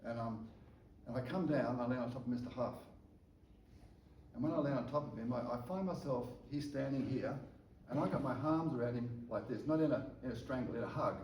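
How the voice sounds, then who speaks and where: A man preaching through a personal testimony, an animated storyteller who stumbles and repeats words. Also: medium pitch, brisk, a little hiss or hum. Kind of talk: storytelling sermon. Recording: echoey room, distant mic, faint ambience.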